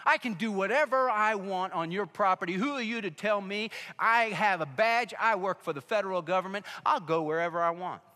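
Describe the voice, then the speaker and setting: A man's voice: high-pitched, fairly quick, hardly any pauses, bright, forceful tone. A man voicing a cocky, self-important male federal drug agent who brags and orders people around. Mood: swaggering. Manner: boastful, bossy. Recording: echoey hall.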